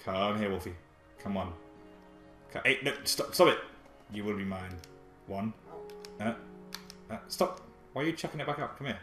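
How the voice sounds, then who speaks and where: A young man giving excitable, chatty commentary while playing a game, talking to his pet dog and his viewers. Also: on the low side, normal speed, pauses often. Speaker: let's play gamer. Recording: echoey room with faint music.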